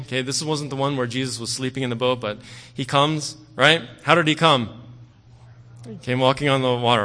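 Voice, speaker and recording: A man's voice: mid-range voice, sharp tone. A man preaching a sermon in a conversational way, often checking in with "okay?" and "right?". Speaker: pastor. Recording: long hall reverb.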